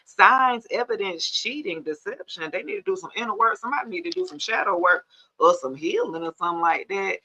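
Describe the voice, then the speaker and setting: A woman's voice: medium pitch, animated, moderate pace, sharp tone, highs cut off, slight background noise. Chatty woman on a livestream. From Georgia, USA. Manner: chatty, laughs often, greets viewers by name. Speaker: tarot reader hosting a livestream. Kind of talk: casual livestream chat with viewers.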